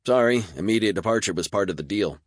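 A man's voice: fairly low pitch, lively intonation, quick pace, dry recording, studio quality, pitched above the performer's own voice. A man voicing a cheerful young male videographer with a breezy, upbeat manner.

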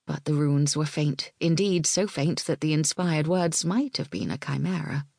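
A woman narrating an audiobook in a measured, expressive way that dips into whispers. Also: low voice, creaky, no echo, studio quality.

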